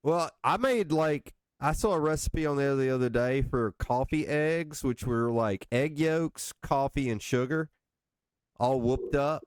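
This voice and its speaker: A man's voice: mid-range voice, measured pace, clean tone, dry recording. A man in his forties from Northeast Mississippi with a North Alabama accent, hosting a casual chat and rambling through stories with easy laughs. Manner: rambling storyteller, laughs easily. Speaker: podcast host.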